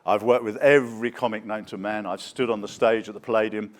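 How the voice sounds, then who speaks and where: An older man and actor telling lively theatre and film anecdotes at a conference, acting out the voices of the people he quotes. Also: on the low side, fairly quick. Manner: theatrical storyteller who acts out quoted voices. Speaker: guest speaker, actor. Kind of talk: anecdotal after-dinner talk.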